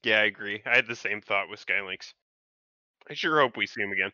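A man's voice: fairly low pitch, brisk, bright, forceful tone, no room sound, dull audio. A man co-hosting a podcast in casual chat, enthusiastic and laughing often. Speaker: podcast co-host.

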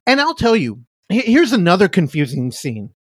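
A man's voice: sits high, moderate pace, no echo, studio quality. A man co-hosting a podcast, retelling a film scene in casual chat, acting out the quotes and swearing freely. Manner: animated storyteller, acts out quotes, swears freely. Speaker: podcast co-host.

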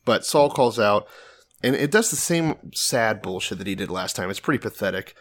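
A man's voice: on the low side, lively intonation, normal speed. Profane, jokey man retelling scripture. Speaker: podcast co-host. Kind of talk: casual irreverent Bible commentary.

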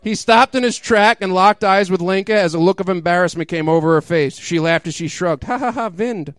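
A man with a high, smooth, clear voice reads crude fiction aloud in a mock-dramatic style. He keeps laughing and breaking off into incredulous asides. The sound is close and dry. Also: steady tone, a little fast, a bit bright, dry recording. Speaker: comedic reader.

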